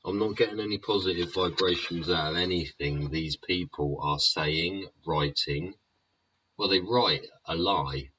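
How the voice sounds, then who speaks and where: Deep, slow, swearing man. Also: sharp tone, slightly rough. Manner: rambling, profane, keeps tagging lines with "yeah?". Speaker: YouTube show host. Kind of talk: sweary ranting monologue. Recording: dull lo-fi recording.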